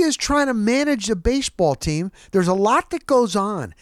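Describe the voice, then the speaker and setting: A man hosting a talk show, telling a casual, animated story with a rambling delivery and quotes he acts out. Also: high-pitched, normal speed, no echo, clean studio sound.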